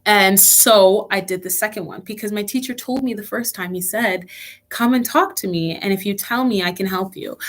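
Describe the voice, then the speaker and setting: Woman, young adult, children's church leader, earnest, storytelling, restarts, mid pitch. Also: fairly bright tone. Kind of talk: online kids' lesson.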